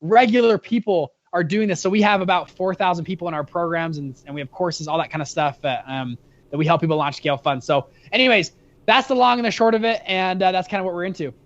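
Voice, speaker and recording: A young man in his twenties, an interview guest, telling a story energetically, with many quick restarts. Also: sits high, highs cut off. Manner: energetic, fast-talking storyteller with frequent restarts. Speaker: guest, fund founder.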